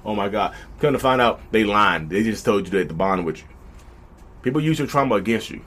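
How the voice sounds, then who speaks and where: Speaking in a fairly low pitch, this man hosts his podcast as an animated, casual monologue. He moves quickly, talks straight to the audience, and drops into voices when quoting people.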